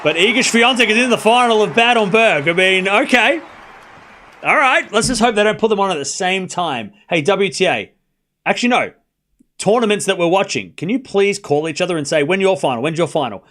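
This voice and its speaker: A man with a high, bright-toned speaking voice calls tennis live for his stream. He talks casually to his chat, running through each rally quickly. At the big moments he gets excited and raises his voice to a shout. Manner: casual and chatty, with slang and asides. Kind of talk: live watchalong play-by-play commentary.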